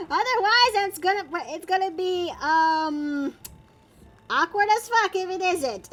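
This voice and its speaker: Woman, art streamer, unhurried delivery, bright tone, casual running commentary. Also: extremely high pitch, lively intonation. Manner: chatty, self-narrating, playful. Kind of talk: casual chat while drawing.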